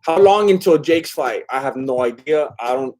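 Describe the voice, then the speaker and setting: A man's voice: mid-range voice, animated, normal speed, a little mellow, soft background music. A man streaming live, reading chat and rambling casually with lots of fillers and laughs. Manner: rambling, filler-heavy, self-deprecating laughs.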